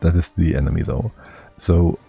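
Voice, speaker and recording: A man live-streaming a strategy game, talking his moves through half to himself. His voice sits very low and dark, with a husky edge to it. He mutters and chuckles between thoughts. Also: moderate pace.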